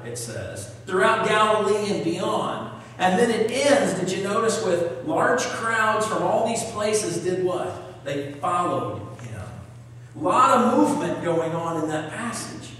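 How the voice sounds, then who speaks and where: High-voiced preacher in an echoey hall. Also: male voice, fairly bright tone, far from the mic. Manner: storytelling preacher, reads scripture aloud, asks the congregation questions. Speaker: pastor. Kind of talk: sermon.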